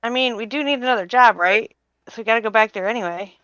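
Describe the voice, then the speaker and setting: A tired, yawning woman playing in a tabletop game and chatting in a relaxed, easygoing way. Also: on the high side, fast talker, clean tone, no room sound. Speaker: player. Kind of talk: casual tabletop role-play. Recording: dull lo-fi mic.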